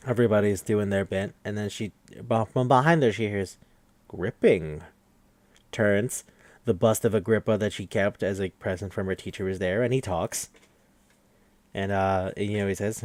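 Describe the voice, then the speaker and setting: A man hosting a podcast, recapping an anime episode in an animated, profane, incredulous chat. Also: lowish voice, moderate pace, no echo.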